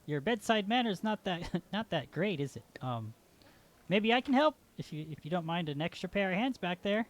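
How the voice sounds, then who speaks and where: A man doing a cheerful gnome who is all bounce and enthusiasm, his voice sitting up high and leaping around the scale. He sounds eager and a bit silly, like a tabletop character who is thrilled to be there. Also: normal speed. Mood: friendly. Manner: excitable, bouncy, laughs often. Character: chipper male gnome named Opuff, upbeat, goofy. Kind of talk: playing a character in a tabletop game.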